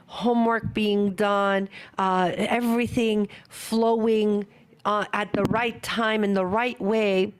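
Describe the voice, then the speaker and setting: A middle-aged woman giving an earnest, animated conference talk on parenting, acting out parents and children as she goes. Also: medium pitch. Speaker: parenting speaker.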